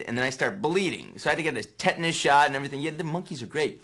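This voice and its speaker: A man in his thirties from New Jersey, an actor answering interview questions with lively anecdotes he acts out. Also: very fast, few pauses. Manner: animated storyteller acting out quotes with sudden high yelps.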